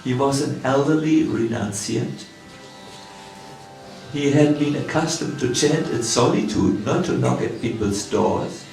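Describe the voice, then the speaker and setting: A man's voice: mid-range voice, measured pace, darkish tone, echoey room, recorded from a distance, soft background music. A man with a German accent giving a storytelling sermon as a swami in a temple, acting out the lines of the people in his story. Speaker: swami giving a scripture class. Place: temple hall.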